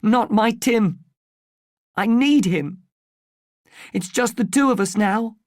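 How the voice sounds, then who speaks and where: A narrator voicing a worried widowed mother who gets tearful and high-pitched when upset, in a slow storybook reading for English learners. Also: expressive, darkish tone, dry recording, studio quality. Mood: pleading.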